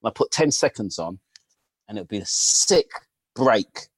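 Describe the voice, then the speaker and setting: A man, a guest telling lively stories with plenty of swearing and acted-out voices of the people he describes. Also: on the low side, measured pace, slightly rough, no echo. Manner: animated, swears freely, acts out customers' voices. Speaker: guest, former record importer. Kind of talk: casual storytelling interview.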